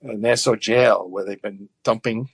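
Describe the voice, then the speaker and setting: Gravelly, husky-voiced New man. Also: fairly low pitch, steady tone, no echo. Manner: earnest, halting with fillers and restarts. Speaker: guest activist. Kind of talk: conversational interview.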